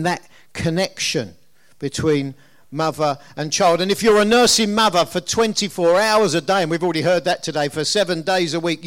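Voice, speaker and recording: Man preaching a sermon. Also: fairly high pitch. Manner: conversational, asks the congregation questions.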